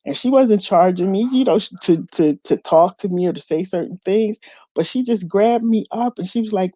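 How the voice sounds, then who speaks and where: Woman, storytelling host, animated, mellow tone, dry close sound. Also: mid-range voice, brisk, no room sound. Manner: animated, quotes others in lively voices, addresses viewers as y'all. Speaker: show host. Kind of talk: personal storytelling to viewers.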